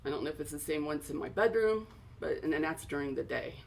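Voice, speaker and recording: A woman's voice: deep voice, expressive, quick pace, gravelly. A middle-aged woman earnestly and anxiously recounting frightening experiences in her home, often repeating herself, recorded in an echoey room with faint noise. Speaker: homeowner describing hauntings. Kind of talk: recounting experiences on a paranormal show.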